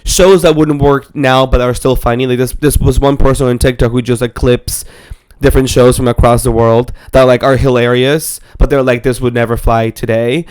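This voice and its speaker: Brief: a podcast co-host, a man with a smooth voice who hedges and rambles in casual chat. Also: medium pitch, fairly even intonation, normal speed, a little mellow. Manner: rambling, hedging, lots of "like".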